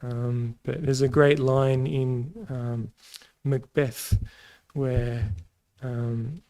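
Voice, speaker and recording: An Australian man teaching a casual Bible lesson, pausing often with ums and restarts. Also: mid-range voice, fairly even intonation, warm tone, poor audio. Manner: halting, many ums and restarts.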